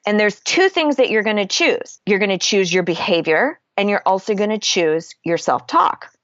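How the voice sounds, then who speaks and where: A woman's voice: medium pitch, expressive, normal speed, fairly bright tone, no room sound, muffled recording. A woman coach talking candidly and casually in a podcast interview, swearing freely as she explains her method. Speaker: guest, confidence coach.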